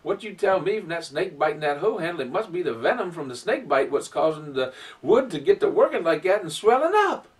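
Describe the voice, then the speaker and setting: A man voicing a slow-spoken old farmer father with a drawl, in a told folk tale. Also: a little high, big pitch swings, distant mic. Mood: musing. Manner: drawling, folksy, ponderous. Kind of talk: oral folk storytelling.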